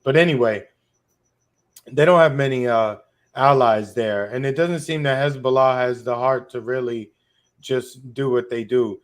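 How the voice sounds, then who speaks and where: A man's voice: mid-range voice, a little slow. A man co-hosting a political podcast, speaking bluntly in casual slang with a sarcastic edge. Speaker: podcast co-host.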